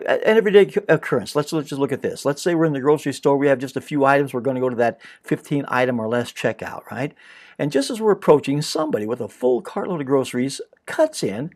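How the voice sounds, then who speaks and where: A man's voice: a little high, darkish tone. A man hosting a reflective spiritual talk in a conversational way, now and then acting out imagined back-and-forth dialogue. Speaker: host.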